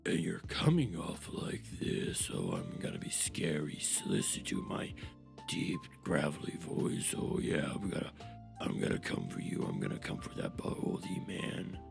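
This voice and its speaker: A man voicing a mock skeleton villain in a very deep, gravelly, overdone menacing tone. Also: big pitch swings, a little slow, soft background music, heavily acted. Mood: mocking menace. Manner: exaggerated, sneering parody.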